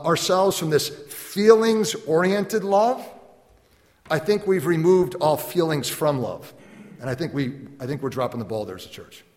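A man preaching a sermon as a pastor, animated, acting out little dialogues and laughing often. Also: fairly high pitch. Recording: long hall reverb.

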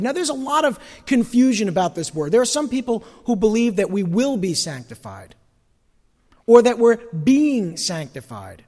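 A man preaches in an animated, folksy way, his voice high and swinging widely in pitch. It rings with a long hall reverb, as in a church sanctuary. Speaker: pastor. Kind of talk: sermon.

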